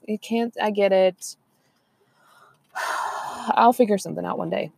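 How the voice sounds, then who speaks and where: A woman's voice: mid-range voice, unhurried, vocal fry, darkish tone, dry recording. A woman, chatting casually and rambling on a podcast, laughing often. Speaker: podcast co-host. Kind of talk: casual chat.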